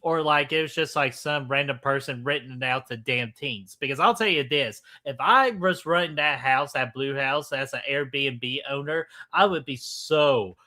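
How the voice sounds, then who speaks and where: A man's voice: mid-range voice, moderate pace, few pauses, sharp tone. A man co-hosting a casual livestream movie chat, rambling enthusiastically and saying "freaking" a lot. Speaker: podcast co-host.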